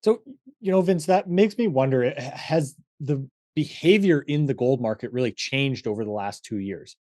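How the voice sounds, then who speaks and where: A man's voice: medium pitch, expressive, normal speed, mellow. Male podcast host asking questions. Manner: brief affirming interjections and questions. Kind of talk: conversational interview.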